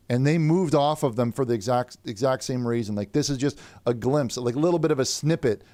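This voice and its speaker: A man with a mellow, medium-pitched voice improvises as the plaintiff in a comedic mock courtroom trial, stammering and repeating words as he goes. There is no room sound.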